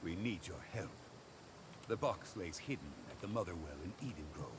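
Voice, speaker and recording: An actor voicing a solemn, proud male talking wolf in a video game, with grave, measured delivery. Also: low-pitched, lively intonation. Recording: game audio with background noise.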